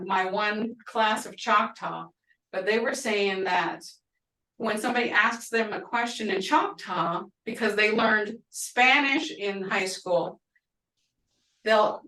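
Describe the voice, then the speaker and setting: A woman in her forties, a language instructor, teaching a class over a video call in a relaxed way, with fillers and restarts. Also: medium pitch. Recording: roomy, distant video call audio.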